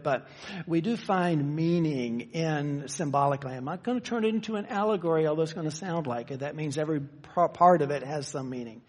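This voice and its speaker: A man preaching a sermon, teaching conversationally and shifting from slow, stressed phrases to quick asides. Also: on the high side, darkish tone. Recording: long reverb of a church hall.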